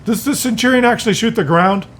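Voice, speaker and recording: A man's voice: high voice, quick pace, fairly bright tone, a little hiss or hum. A man giving exasperated, incredulous commentary over a game replay. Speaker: gameplay commentator.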